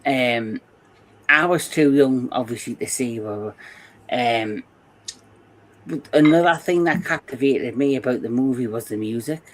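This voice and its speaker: A Geordie man in his forties spins a rambling anecdote at an unhurried, drawn-out pace, laughing along as he goes. A faint hiss of noise sits under his voice. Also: mid-range voice, poor audio. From England. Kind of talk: casual chat.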